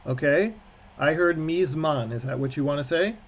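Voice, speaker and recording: A man's voice: on the high side, normal speed, lo-fi sound. A man, a cantor, teaching a class over a video call, encouraging and chatty with joking asides. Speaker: cantor teaching prayer book reading. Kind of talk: online class instruction.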